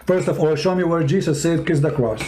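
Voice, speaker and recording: A man's voice: fairly high pitch, brisk, noisy background. A man with a strained voice, not a native English speaker, hosting a combative call-in debate and mocking his callers. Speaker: host of a call-in debate stream.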